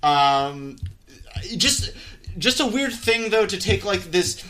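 A man's voice: sits high, big pitch swings, slow pace, pushed and bright. A man co-hosting a podcast, chatting casually and animatedly with lots of fillers and asides. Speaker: podcast co-host. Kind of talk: casual movie discussion. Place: room just after a theater visit.

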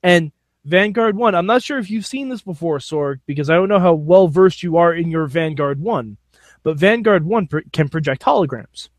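A man co-hosting a podcast, recapping a wrestling show in casual, animated, jokey chat and laughing often. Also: fairly high pitch, moderate pace, no echo.

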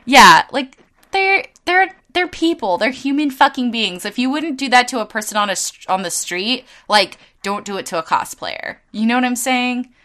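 A young adult woman hosting a podcast, telling convention stories in casual chat, animated, swearing freely and laughing often. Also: on the high side, normal speed. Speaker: podcast host and convention artist.

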